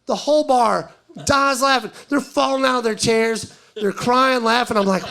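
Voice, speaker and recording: A male stand-up comedian tells a story to a live audience at normal speed, his high voice carrying some vocal fry. He's chatty and animated, acting out every line of dialogue.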